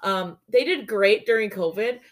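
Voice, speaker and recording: A woman's voice: mid-range voice, normal speed. A woman co-hosting a podcast, chatting casually in a rambling way with lots of fillers and laughs. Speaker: podcast co-host. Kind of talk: casual chat.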